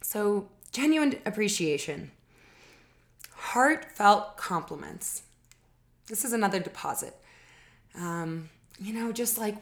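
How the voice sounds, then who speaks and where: A woman's voice: mid-range voice, lively intonation, slow, long pauses. A woman giving a casual spoken lesson on relationships, talking in an earnest, conversational way with frequent fillers and self-corrections.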